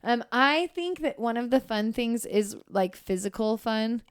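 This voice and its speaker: A woman co-hosting a podcast, chatting casually in a bubbly, animated way and laughing easily. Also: fairly high pitch, measured pace, clean tone, no room sound, studio quality. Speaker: podcast co-host and counselor. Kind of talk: casual chat.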